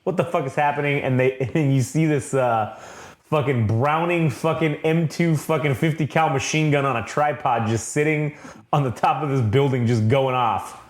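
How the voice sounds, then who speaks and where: A man's voice: medium pitch, moderate pace. A man co-hosting a comic podcast, recapping scenes with eager enthusiasm, laughing easily and swearing heavily. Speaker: comic book podcast co-host. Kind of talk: casual profane recap chat. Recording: roomy echo.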